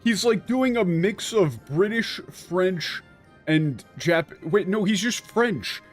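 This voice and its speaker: A man streaming a game, giving irreverent, swearing commentary and haltingly translating lines. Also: high voice, lively intonation. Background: game music.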